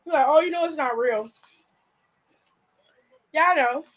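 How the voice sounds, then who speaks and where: A woman's voice: high-pitched, unhurried. A woman in a heated, blunt reaction vlog rant, cursing heavily as she talks about wrestling.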